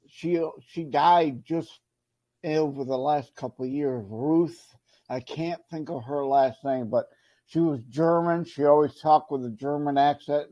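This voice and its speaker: A man co-hosting a podcast, chatting casually with a halting manner. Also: a little high, dark tone, muffled recording. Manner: halting, laughs a lot. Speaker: podcast co-host.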